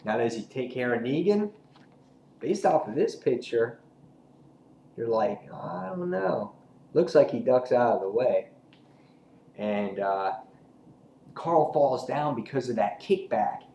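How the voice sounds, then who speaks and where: Rambling, excitable man in an echoey room. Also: medium pitch, measured pace, pauses often. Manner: rambling, excitable, profane, lots of "he's like". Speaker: comic book reviewer. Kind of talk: casual video review. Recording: echoey room with faint noise.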